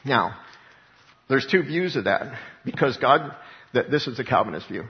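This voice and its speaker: A man preaching a sermon to a congregation, reading scripture aloud and breaking off into lively asides. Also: mid-range voice, moderate pace. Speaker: pastor. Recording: dull sound with long reverb in a large room.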